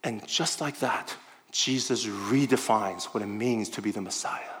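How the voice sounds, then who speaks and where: A man preaching a sermon conversationally, animated and often checking in with the listeners. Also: fairly low pitch, unhurried.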